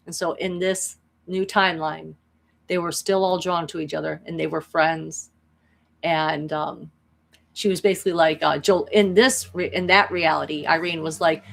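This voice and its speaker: A woman casually retelling an anime plot as a spiritual vlogger, animated and rambling with restarts. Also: lowish voice, normal speed, creaky.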